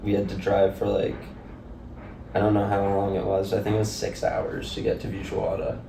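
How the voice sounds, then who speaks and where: A man's voice: fairly low pitch, completely flat delivery, fairly quick, vocal fry. A young man, a podcast guest, telling a loose, rambling story with lots of "like" and laughter. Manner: rambling, laughing, heavy use of "like". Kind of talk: casual storytelling. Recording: echoey room, distant mic, faint noise.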